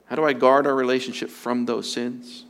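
A man's voice: mid-range voice, level tone, normal speed, fairly bright tone. A man preaching as a pastor, earnest and emphatic, often repeating his phrases for stress. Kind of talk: sermon on marriage.

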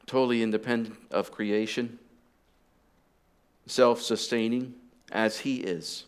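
A pastor preaching a sermon, explaining deliberately and dropping in casual asides to the congregation. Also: male voice, medium pitch, fairly even intonation, smooth. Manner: deliberate teaching with conversational asides.

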